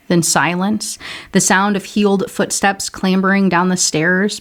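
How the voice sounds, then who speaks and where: A young woman reviewing a book, reading passages aloud with casual asides in between. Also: on the low side. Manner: brisk reading, casual asides, slips into character voices.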